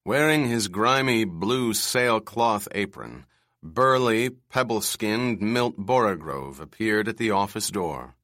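Unhurried, expressive male storyteller. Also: fairly low pitch, no echo, studio quality. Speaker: narrator. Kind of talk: audiobook narration.

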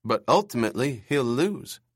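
A timid, earnest young man, as a male narrator puts him on, speaking a little higher than the reader's own voice. He trips into stammers on his words and talks with a shy sincerity. The reading is close and dry. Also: big pitch swings, normal speed, slightly rough, no echo.

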